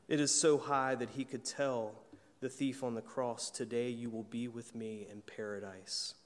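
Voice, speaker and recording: A pastor preaching a sermon with earnest emphasis, building to emphatic peaks. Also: male voice, mid-range voice. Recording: long reverb of a church hall.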